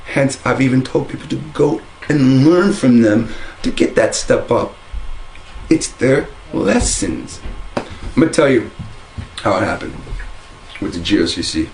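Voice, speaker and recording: A man's voice: mid-range voice, lively intonation, unhurried, long pauses, a little mellow, slight background noise, poor audio. A man at home giving a heated, rambling monologue on religion, full of restarts and repeated phrases. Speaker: religious video commentator. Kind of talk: casual monologue to camera. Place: at home, indoors.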